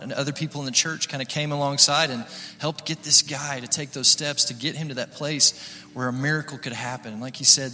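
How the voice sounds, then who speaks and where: A man's voice: mid-range voice, sharp tone, in a large hall. A male pastor preaching an encouraging sermon, rallying the congregation.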